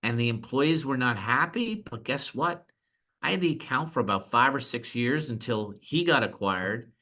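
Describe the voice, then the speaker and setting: A middle-aged man, an insurance broker telling animated stories as a podcast guest. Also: mid-range voice, normal speed. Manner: animated anecdotes, acts out quoted clients. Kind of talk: storytelling in a podcast interview.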